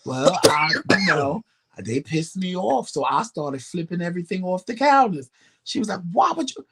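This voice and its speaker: A man co-hosting a podcast, telling stories in casual chat, animated and profane, acting out the voices of people he quotes. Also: sits high, normal speed, breathy edge. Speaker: podcast co-host.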